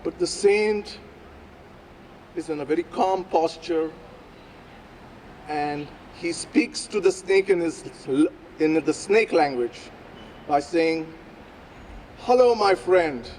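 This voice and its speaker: Guy telling a story out in a plaza, high voice, really slow and deliberate, faint traffic behind. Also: a little mellow, low-quality recording. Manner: slow, deliberate, dramatic pauses. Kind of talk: live oral storytelling. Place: outdoor public plaza.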